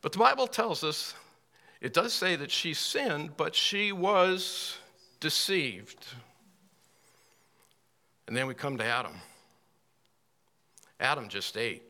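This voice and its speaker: A man teaching a Bible class in a folksy, unhurried way, with dry little asides. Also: a little high, sing-song, sharp tone.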